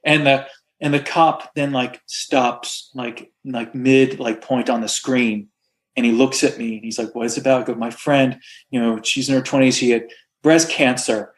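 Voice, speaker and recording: A man telling a story as a podcast guest, rambling and halting, self-deprecating and a little teary. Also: medium pitch, steady tone. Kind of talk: casual storytelling.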